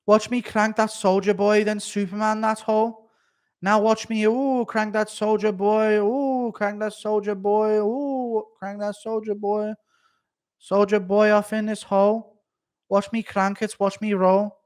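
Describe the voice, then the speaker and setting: Man doing a Liverpool-accent rapper, high, loud, sing-song. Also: flat delivery, a little slow, smooth. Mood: rapping.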